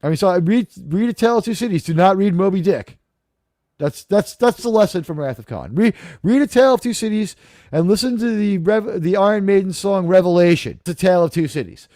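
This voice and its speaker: A man with a fairly high voice chats casually and with enthusiasm, wandering off on jokey tangents. His sound is dry and close, with no room around it. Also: animated, a little fast, warm tone, dry recording. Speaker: podcast host. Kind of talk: casual live review chat.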